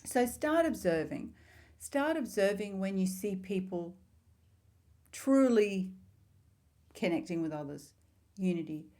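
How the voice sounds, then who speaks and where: A middle-aged woman talking casually to camera as a spiritual vlogger, telling stories in a heartfelt, rambling way with warm asides. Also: mid-range voice, lively intonation, takes it slowly, long pauses.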